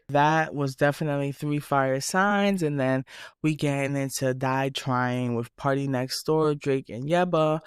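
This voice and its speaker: A man hosting a podcast, giving a casual, animated and profane review of new music. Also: mid-range voice, clear, resonant tone, no echo, clean studio sound. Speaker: podcast host.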